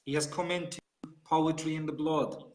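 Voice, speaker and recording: A man's voice: a little high, steady tone, normal speed, darkish tone. A man hosting a show, offering short, encouraging comments between poem readings.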